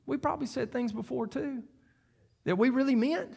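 A man's voice: extremely high pitch, moderate pace, creaky, a little mellow, breathy edge. A male pastor preaching a sermon on scripture, emphatic and repetitive, talking directly to the congregation.

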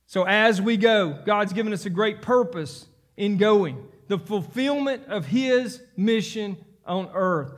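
A man preaching a sermon, reading scripture and rising into fervent, near-shouted emphasis. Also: high voice, animated, slow pace, hardly any pauses. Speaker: pastor.

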